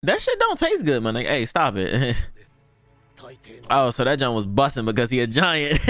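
Excitable young man reacting to anime. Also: mid-range voice, unhurried, soft background music. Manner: excitable, laughs a lot, slangy, shouts in delight. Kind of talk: casual reaction commentary.

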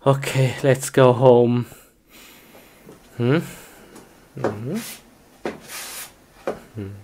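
A woman performing a playful comedy skit, chatting to herself and breaking into excited yelps. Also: a bass voice, very slow, a little hiss or hum.

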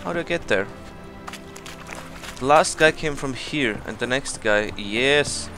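A man hosting a let's play, giving casual commentary full of excited exclamations and rambling asides. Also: medium pitch, a little slow. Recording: commentary over loud game music. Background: game music.

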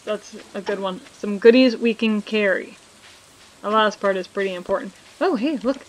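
Slow, chatty woman gaming host. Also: medium pitch, a little hiss or hum, rough recording. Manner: chatty, joking asides to viewers; reads game dialogue aloud. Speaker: let's play host. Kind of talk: casual gameplay commentary.

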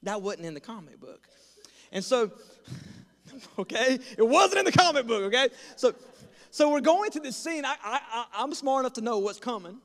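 A young man preaching as a pastor, telling a funny story and acting out voices with lively, self-deprecating energy. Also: very high voice, normal speed, long reverb tail. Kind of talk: storytelling sermon. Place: large church hall.

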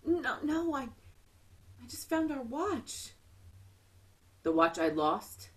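A woman's voice: high-pitched, sing-song, extremely slow, exaggerated voice. A woman voicing a boozy, dramatic woman on the edge, read over a video call. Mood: theatrical. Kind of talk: Zoom play reading.

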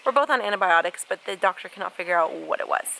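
A woman's voice: mid-range voice, lively intonation, fast, creaky, bright, forceful tone, low-quality recording. A young woman with a cold, chatting casually to her channel outdoors on a handheld camera. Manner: chatty and conversational. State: recovering from a cold, with a cough. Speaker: vlogger. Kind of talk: casual vlog chat. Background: faint outdoor ambience with wind.

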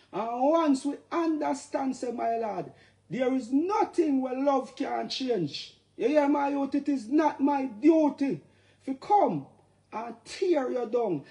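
Jamaican male musician, high-pitched, heated preachy monologue with sudden shouts. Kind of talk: impassioned straight-to-camera rant.

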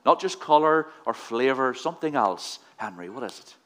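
A man's voice: mid-range voice, expressive, moderate pace, a bit bright. A man giving a playful children's address in a church service, asking the children questions. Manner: playful, quizzing kids with questions. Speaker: leader of a children's talk in church.

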